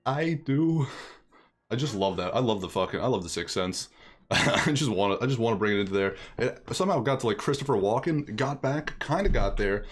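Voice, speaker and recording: A man's voice: on the low side, lively intonation, a little fast, breathy edge. A man streaming a game, chatting casually and joking as he reads the dialogue aloud. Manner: joking, chatty, laughs often.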